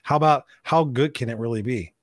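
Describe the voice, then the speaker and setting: A man's voice: medium pitch, brisk, no echo, clean studio sound. A man hosting a motivational interview as a life coach, talking emphatically and punchily and swearing freely.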